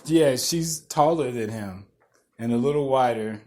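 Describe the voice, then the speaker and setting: A man's voice: medium pitch, unhurried, dark tone, a little hiss or hum. A young man telling a rambling, profane story in casual chat, laughing through it as a podcast host.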